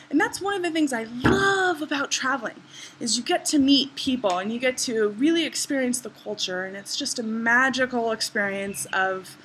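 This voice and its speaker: Bubbly high-voiced woman vlogging outdoors. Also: a bit bright, slight background noise. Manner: bubbly, enthusiastic storytelling. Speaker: vlogger and travel writer. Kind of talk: casual vlog to camera. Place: outdoors in a garden.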